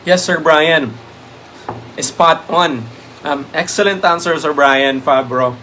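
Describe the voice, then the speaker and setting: A man's voice: a little high, slow pace, sharp tone, slight background noise. A man with a Filipino accent leads a live exam review, switching between English and Tagalog, with many "um" fillers, and thanks viewers by name. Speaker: review lecturer.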